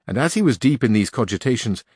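This audiobook features a man narrating a classic novel with measured, expressive storytelling. He speaks at a medium pitch with a breathy quality, recorded dry at studio quality.

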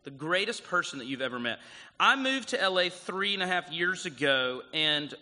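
Bright-voiced Southern pastor in a reverberant hall. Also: male voice, on the high side, moderate pace. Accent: South Carolina. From South Carolina. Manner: casual, animated storytelling with lots of "like" and "um". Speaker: guest pastor. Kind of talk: sermon.

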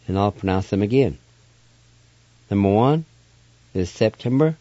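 A man's voice: fairly low pitch, animated, normal speed, dark tone, no echo. An older man hosting a radio language lesson, patiently spelling and repeating each word syllable by syllable. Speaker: radio host teaching language. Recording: muffled dry radio recording.

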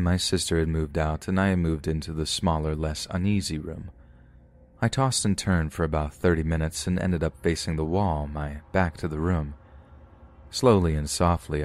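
A man reading a first-person scary story as a narrator, grave and steady. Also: very deep voice. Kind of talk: scripted horror story narration.

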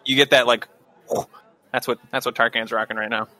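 Bright male player, mid pitch, chatty and jokey, soft music behind. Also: level tone, fairly quick, no room sound. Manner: jokey, rambling. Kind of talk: casual chat at a game table.

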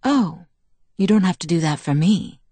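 A woman reading the lines of a calm, protective young man in a soft, measured, reassuring way, recorded on a close studio mic. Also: lowish voice, breathy edge, no echo. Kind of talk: audiobook dialogue reading.

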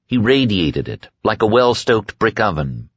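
A male audiobook narrator with a very deep, low voice, reading in a measured and steady way. The recording is dull and lo-fi, completely dry with no room sound, and it stays close to the mic. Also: breathy edge, dry recording. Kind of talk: scripted narration.

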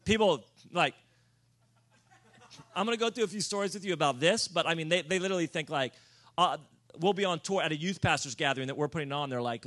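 A man preaching to a room, telling self-mocking stories in a lively, animated way and breaking into loud comic shouts. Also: fairly high pitch, quick pace. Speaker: pastor. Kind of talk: sermon storytelling. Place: church or conference room.

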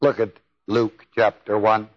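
A man's voice: on the low side, little pitch movement, unhurried. A man preaching a sermon in a folksy, emphatic way, with exclamations. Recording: dull lo-fi tape.

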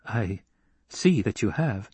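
Brief: male narrator playing a composed noblewoman, firm orders, husky tone, dry sound. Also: on the low side, very animated, slow pace, a little mellow, no echo, heavily acted. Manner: crisp, firm commands. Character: poised noblewoman, calm and commanding.

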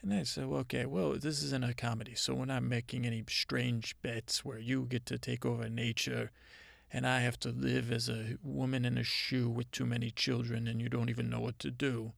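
Recorded with studio quality and no echo, a man speaks in a medium-pitched voice with vocal fry. He is improvising a comedy monologue as a rambling, self-important female spirit of Mother Nature, delivering halting, deadpan stories.

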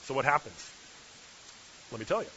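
A man's voice: mid-range voice, very animated, moderate pace, pushed and bright. A male preacher giving a sermon with humorous, sarcastic asides, in a dull lo-fi recording with hiss.

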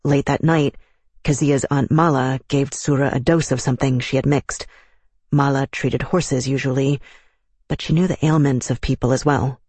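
A man narrating an audiobook in a measured, even manner. His voice is husky and mid-pitched, recorded dry and close on a studio mic. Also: dry recording.

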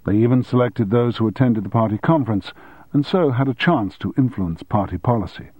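A man narrating an audiobook in a measured, even storytelling manner. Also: mid-range voice, slightly rough, dry recording, highs cut off.

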